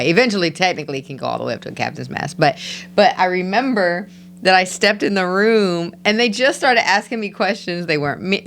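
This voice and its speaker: A woman's voice: on the low side, a bit bright, slight background noise. A woman co-hosting a relationship podcast, candid and storytelling in casual chat. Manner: candid, storytelling, laughs easily. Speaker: podcast co-host.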